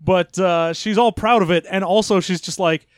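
A man co-hosting a podcast, chatting casually, excitable and swearing freely. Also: sits high, normal speed, dry recording, clean studio sound. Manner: excitable, swears freely, slips into silly voices. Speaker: podcast co-host. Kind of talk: casual chat.

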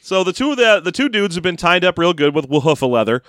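A man's voice: high-pitched, big pitch swings, fast talker, fairly bright tone, smooth, dry recording. A man co-hosting a podcast, chatting casually with dry, sarcastic jokes. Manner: dry, joking, riffs sarcastically. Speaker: podcast co-host. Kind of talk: casual chat.

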